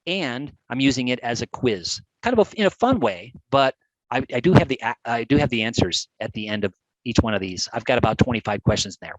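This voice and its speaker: A man giving a lively live webcast presentation on geography, chatty and animated. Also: medium pitch, dry recording, poor audio. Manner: animated, chatty, with playful put-on voices. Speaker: GIS educator presenting a webcast.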